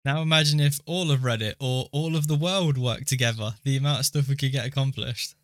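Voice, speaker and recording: A man's voice: mid-range voice, fairly even intonation, fairly quick, no echo, clean studio sound. A young man co-hosting a casual podcast, explaining things step by step. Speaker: podcast co-host.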